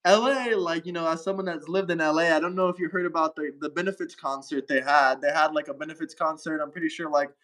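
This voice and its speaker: Young man, high-pitched voice, casual livestream host, rambling, lots of fillers. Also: quick pace, few pauses, a bit bright. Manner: rambling, filler-heavy, searches for words. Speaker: travel streamer host. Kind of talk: casual political debate on a livestream.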